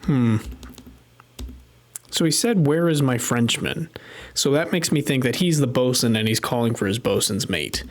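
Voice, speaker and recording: Here a man talks at a moderate pace in a medium pitch, pausing often. He's casually commentating a live-streamed puzzle game, muttering to himself and reasoning out loud at his desk microphone.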